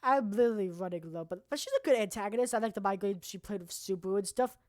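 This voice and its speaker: A woman streamer presenting anime awards in casual, rambling, profane commentary that now and then bursts into loud shouting. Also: mid-range voice, fast, no echo, studio quality.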